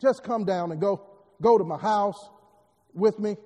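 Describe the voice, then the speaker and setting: A man's voice: sits high, a little slow, warm tone. A man preaching voices a desperate royal official pleading urgently for help. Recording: long hall reverb.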